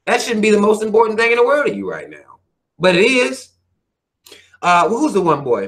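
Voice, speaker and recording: Man, vlog host, heated profane rant, lively swooping pitch, a bit high. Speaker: channel host reading viewer comments. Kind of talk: casual rant to viewers.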